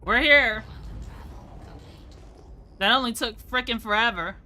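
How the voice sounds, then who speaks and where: A woman's voice: on the high side, slow, pushed and bright. A young woman streaming a game, chatting casually and rambling from topic to topic, laughing often. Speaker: VTuber streamer. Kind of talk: casual live-stream chat.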